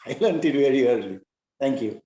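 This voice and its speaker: A middle-aged man, sharing a personal story in a halting, earnest way with many fillers. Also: medium pitch, animated, dark tone, echoey room, poor audio. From India. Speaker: class participant.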